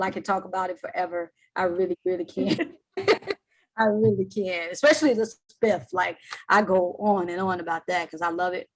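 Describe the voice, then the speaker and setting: A woman's voice: lowish voice, rough recording. A woman presenter on a video call, wrapping up questions in a chatty way with many ums, her voice worn from talking all day. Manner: chatty, warm thanks, trails off with ums. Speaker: webinar presenter. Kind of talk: casual Q&A wrap-up on a video call.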